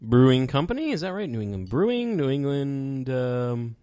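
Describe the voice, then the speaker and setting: A man's voice: medium pitch, very animated, moderate pace, dark tone, smooth, no echo, clean studio sound. Rambling, hesitant man co-hosting. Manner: rambling, hesitant with many fillers. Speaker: podcast co-host. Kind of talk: casual podcast chat.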